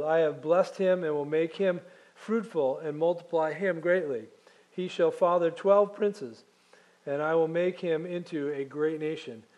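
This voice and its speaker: Guy pastor giving a sermon, kinda higher voice, talks like a conversation but gets emphatic. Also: a little mellow. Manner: conversational, emphatic, asks the congregation questions.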